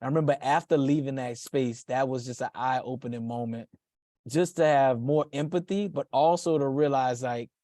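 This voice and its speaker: A man hosting a podcast who speaks in a reflective, thoughtful way, pausing often. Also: medium pitch, dark tone, no echo, clean studio sound. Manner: reflective, thoughtful, with frequent pauses and restarts. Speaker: podcast host. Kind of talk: conversational interview.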